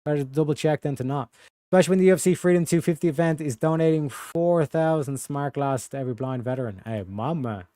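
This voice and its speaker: A man's voice: on the high side, quick pace, warm tone, dry recording, studio quality. Slangy male streamer. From Ireland. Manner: rambling, slangy, reads donations aloud. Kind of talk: casual live-stream commentary.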